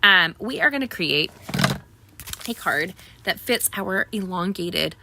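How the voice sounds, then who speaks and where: A woman hosting a casual card making tutorial, chatty and rambling with lots of ums, pitching offers to viewers. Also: lively intonation, takes it slowly, gravelly, noisy background. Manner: upbeat sales pitch to viewers. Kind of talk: casual live craft tutorial.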